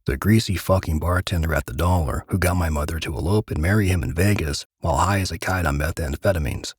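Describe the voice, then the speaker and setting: A man reading a gritty first-person crime story aloud in measured, dramatic narration. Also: sits low, husky, dry recording, clean studio sound.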